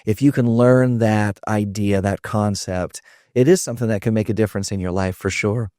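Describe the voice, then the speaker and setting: A male podcast host speaks in a lowish, warm voice, affirming his guest and reflecting. The recording is dry and close to the mic. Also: fairly even intonation, normal speed, no room sound. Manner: affirming, reflective, leads with questions. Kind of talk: conversational interview.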